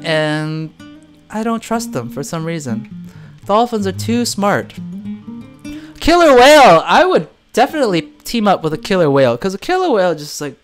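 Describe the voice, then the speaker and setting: A man's voice: high-pitched, normal speed, faint music behind. A man hosting a casual livestream, reading comments and joking, laughing often as he talks. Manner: animated, laughs often, jokey. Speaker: livestream host and swim teacher.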